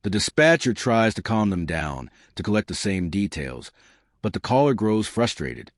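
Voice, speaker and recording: A lower-pitched man narrates a true crime documentary from a script, building suspense with a dramatic delivery. His voice rises and falls with lively intonation, and the recording sounds dry and close, with no room around it. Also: moderate pace, no echo.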